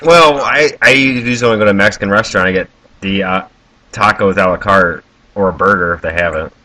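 Male guest, low voice with a bright edge, relaxed and chuckling. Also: a little fast, recorded from a distance. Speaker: podcast guest. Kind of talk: casual chat.

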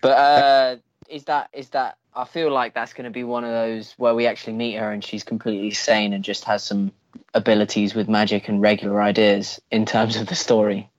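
Low-ish chatty podcast man. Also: little pitch movement, fairly quick, no room sound, dull audio. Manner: chatty, laughs often. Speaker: podcast co-host. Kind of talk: casual podcast discussion.

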